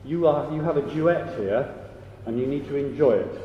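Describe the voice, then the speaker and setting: A man leads a choir rehearsal, giving brisk notes and counting in with a mid-range voice. The sound is dull and lo-fi, and his voice rings with a long echo around a large hall. A faint hum of room noise sits underneath. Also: medium pitch. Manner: brisk, counts in and sings example phrases. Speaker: choir director.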